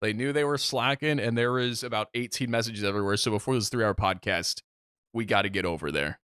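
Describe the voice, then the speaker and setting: A man in his twenties co-hosting a casual podcast, ranting and joking in an animated way. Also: lowish voice, fast talker, smooth, dry recording, studio quality. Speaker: podcast co-host. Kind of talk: casual chat.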